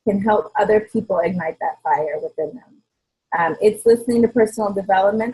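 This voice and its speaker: A woman with a very husky, breathy voice shares her own story on a team call. She talks earnestly, halting often with ums. Her pitch sits in the middle for a woman. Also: a little mellow, poor audio. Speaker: team member on a coaching call. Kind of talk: personal testimony on a group call.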